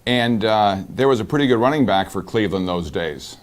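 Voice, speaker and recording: A man interviewing a guest, asking his questions slowly and hesitantly with fillers. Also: lowish voice, lively intonation.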